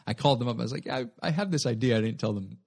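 A man's voice: medium pitch, very fast, gravelly, breathy edge. A young adult man, a guest comedian, telling a rambling story in a casual interview and often correcting himself mid-sentence.

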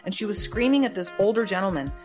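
A woman's voice: medium pitch, animated, quick pace, a little mellow, faint music behind. A woman hosting her own show, talking casually in a rambling, emphatic way with lots of ums and uhs. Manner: rambling, emphatic, with many fillers. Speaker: podcast host. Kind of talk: casual monologue.

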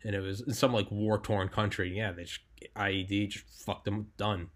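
A man's voice: on the low side, little pitch movement, normal speed. Rambling, profane young male podcast host. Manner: profane, rambling, lots of "like" and "dude". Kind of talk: casual podcast chat.

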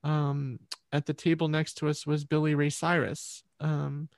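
A woman's voice: sits low, flat delivery, a little slow, a little mellow, dry recording, studio quality. A woman musician, a guest in an interview, telling her story in a rambling, reflective way.

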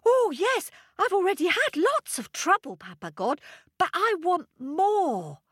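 An excitable little boy monkey from a storybook, played by a woman with a high, squealing voice. He bounces all over the place, pitch leaping up and down with eagerness. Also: a little slow, no room sound, clean studio sound, exaggerated voice. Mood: eager.

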